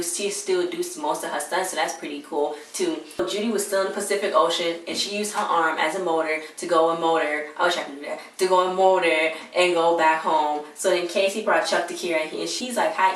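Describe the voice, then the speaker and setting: A woman's voice: fairly low pitch, a bit bright, slight background noise. A woman casually recapping a TV episode, chatting away and retelling scenes with quoted lines. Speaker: TV episode reviewer. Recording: echoey room, far from mic.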